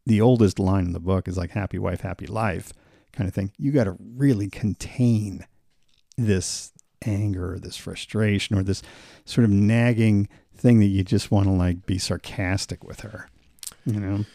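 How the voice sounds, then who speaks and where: A man's voice: fairly low pitch, moderate pace, creaky, dark tone, no echo, clean studio sound. A middle-aged man co-hosting a podcast, chiming in agreeably and laughing often in casual chat. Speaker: podcast co-host.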